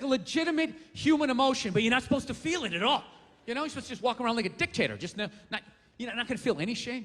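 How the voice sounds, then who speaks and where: A man doing a stand-up comedy set, ranting and mocking loudly, with profane punchlines. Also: very high-pitched, long reverb tail, a little hiss or hum. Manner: ranting, mocking, loud and profane with acted quotes. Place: comedy stage before an audience.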